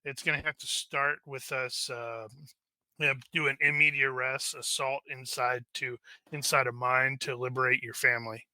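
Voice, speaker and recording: A man's voice: medium pitch, flat delivery, normal speed, sharp tone, no room sound. A man joking and wisecracking as a player in a tabletop game.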